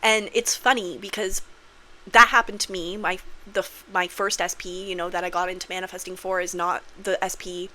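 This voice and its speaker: A woman's voice: lowish voice, level tone, moderate pace, bright, forceful tone. A woman vlogging about manifestation in a casual, candid monologue, swearing freely and acting out scenes with big voices.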